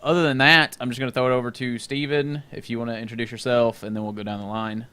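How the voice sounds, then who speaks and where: A man's voice: mid-range voice, flat delivery, fast talker, bright, forceful tone, slight background noise. A man hosting a tabletop game stream over a voice call, chatty and joking, laughing and swearing. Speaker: stream host. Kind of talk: casual chat.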